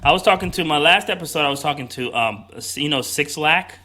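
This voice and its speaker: A man hosting a podcast in casual chat, talking reflectively and often letting his sentences trail off quietly. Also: on the high side, fairly quick. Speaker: podcast host.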